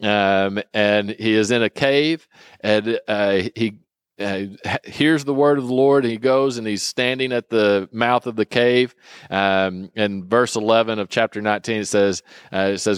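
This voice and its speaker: A man teaches from scripture in a relaxed, conversational way, earnest and reflective. His voice sits a little low and sounds smooth and resonant. The sound is dry and close. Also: dry recording. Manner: earnest, reflective, halting with fillers. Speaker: Bible teacher.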